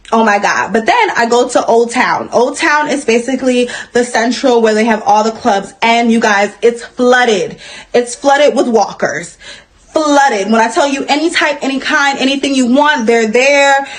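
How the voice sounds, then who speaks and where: A young woman telling a story-time vlog in a chatty, dramatic way. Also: fairly high pitch. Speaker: storyteller in a played clip.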